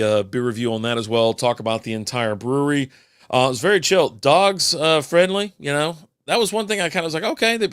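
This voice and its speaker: A man's voice: mid-range voice, a bit bright, clear, resonant tone, no room sound. An older man hosting a casual solo beer podcast, telling rambling, profane stories with dry asides. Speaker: podcast host.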